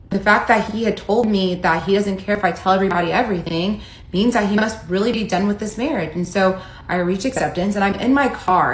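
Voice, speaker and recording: A woman in her thirties from the United States earnestly recounting a personal story in a vlog. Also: mid-range voice. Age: 30s. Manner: earnest, emotional retelling, reading out texts. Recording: echoey room with faint ambient noise.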